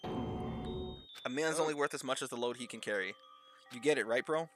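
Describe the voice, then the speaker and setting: A man voicing a tough young gang leader, talking in a gruff, condescending way. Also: mid-range voice, moderate pace, over music, close to an everyday voice. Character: tough male gang leader giving a pep talk.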